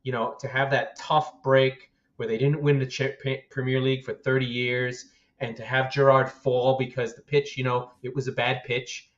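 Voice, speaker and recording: Guy cohosting a soccer podcast, swears a lot, laughs, kinda dull muffled audio. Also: mid-range voice. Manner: animated, profane, laughs often. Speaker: podcast co-host. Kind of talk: casual football chat.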